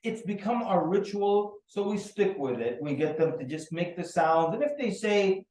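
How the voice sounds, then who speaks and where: A man teaching a workshop, his voice a touch high for a man. He tells lively stories and mimics the people in them. He is heard from a distance in a roomy, echoing room. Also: moderate pace, slight background noise. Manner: animated storyteller who acts out the people in his stories. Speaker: workshop speaker. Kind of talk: anecdotal teaching talk. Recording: roomy echo, mic at a distance.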